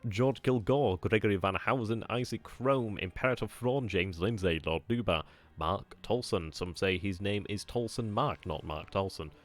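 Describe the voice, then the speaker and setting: A man's voice: on the low side, moderate pace. A man hosting a strategy game video channel, chatting casually and informally to his viewers and easily amused. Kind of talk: casual video outro chat.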